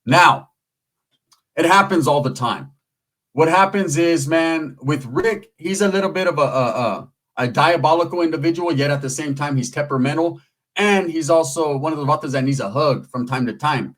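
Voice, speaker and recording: Guy hosting his channel, slangy and playful storytelling, kinda high voice. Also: normal speed, a bit bright, low-quality recording. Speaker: channel host. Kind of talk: casual storytelling commentary.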